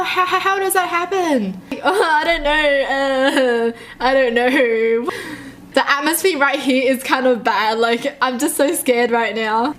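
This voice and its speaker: Her voice sits high as this young woman reads brief horror tales out loud. Jumpy and excitable, she frequently breaks into laughter.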